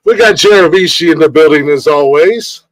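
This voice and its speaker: A man hosts a casual comedy news podcast, relaxed and joking, with plenty of fillers. His voice sits a little high for a man and sounds dry and close, with no room around it. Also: moderate pace, no room sound, poor audio. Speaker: podcast host.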